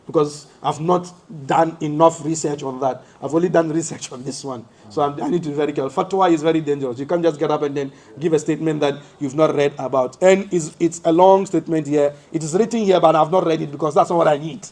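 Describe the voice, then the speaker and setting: A fairly high-voiced man gives a mosque lesson. He quizzes his listeners with rhetorical questions and answers them himself. He walks through each point step by step. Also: fairly even intonation, quick pace, few pauses, darkish tone. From West Africa. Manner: explains step by step, shows hand positions as he speaks. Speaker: Islamic teacher.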